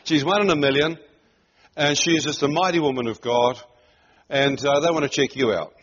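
A middle-aged New Zealander preaches through a personal anecdote, full of laughter and acted-out quotations. He speaks at normal speed in a voice on the high side, over slight background noise in a muffled, lo-fi recording.

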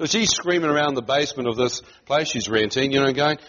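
A middle-aged New Zealand preacher delivers sermon storytelling about his own experience, lively, laughing a lot, and acting out quotes. His mid-range voice is fairly quick with few pauses, recorded in muffled lo-fi audio.

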